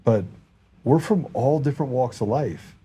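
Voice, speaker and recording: A man's voice: mid-range voice, normal speed, breathy edge. A man hosting a podcast, telling a story in casual chat and quoting others in his own voice. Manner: animated anecdote teller, quotes people in his own voice. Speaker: podcast host.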